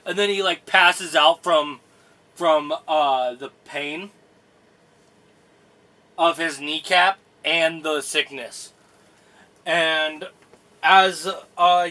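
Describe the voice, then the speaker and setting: A man narrating a tabletop game as game master, in halting, rambling sentences full of fillers. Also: on the high side, bright, forceful tone.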